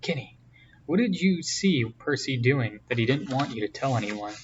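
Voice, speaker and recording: A man's voice: medium pitch, expressive, normal speed, natural voice. A man reading aloud, giving a young wizard schoolboy a plain, friendly voice. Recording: distant, dull, faint hiss.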